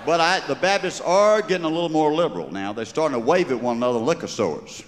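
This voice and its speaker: A man's voice: a little high, expressive, quick pace, noisy background. A man with a Georgia Southern accent doing folksy, rambling stand-up storytelling on stage. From Georgia, USA. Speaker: stand-up humorist. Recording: live stage recording with long reverb.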